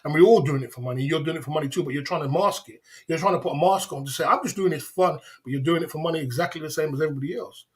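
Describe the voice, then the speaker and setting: Man, livestream host, taunting, repetitive, higher-pitched voice. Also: rapid-fire, few pauses. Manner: taunting, repetitive, laughs often. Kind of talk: livestream rant at chat.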